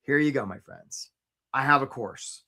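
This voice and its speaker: A man hosting a live career webinar, coaching casually with jokes and giving shout-outs to viewers by name. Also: mid-range voice, a little slow. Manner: energetic and joking, breaks into short mocking impressions of job seekers.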